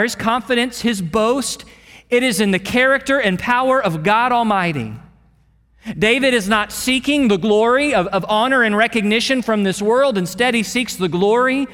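A pastor delivering an earnest sermon, repeating words and dropping to a hush for emphasis. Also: male voice, sits high, long reverb tail. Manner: earnest, with repeated words and dramatic drops in volume.

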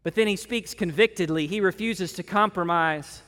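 A man's voice: sits high, moderate pace, fairly bright tone. A pastor preaching a sermon to his church, earnest and building his points through repeated phrases and lists. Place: church meeting room. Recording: long reverb of a hall.

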